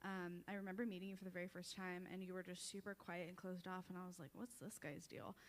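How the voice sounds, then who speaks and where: A woman's voice: fairly low pitch, monotone, quick pace, in a large hall. A young woman giving a chatty, self-deprecating farewell tribute at a church service, often breaking into laughter. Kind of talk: casual storytelling speech.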